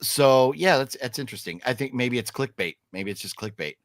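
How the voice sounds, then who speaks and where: An older man hosts a casual live stream, his voice swinging up and down with animated energy as he reads out chat comments and cracks jokes. The recording is dry and close, with no room echo. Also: medium pitch, a little fast. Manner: lively, reads chat comments aloud, jokey. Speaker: co-host. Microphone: streaming setup.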